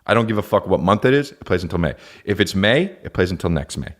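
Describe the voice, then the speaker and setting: Dude ranting on his comedy podcast, kinda low voice, swears a ton, super animated. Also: fast talker. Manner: profane, exasperated ranting with mock voices. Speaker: podcast host. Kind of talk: comedic rant.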